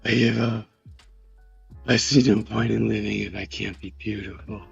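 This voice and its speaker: A man's voice: fairly low pitch, level tone, normal speed, vocal fry, breathy edge, faint music behind, voice pushed down, full character voice. A man voicing an old, weary male British butler with a put-on British accent, lo-fi sound.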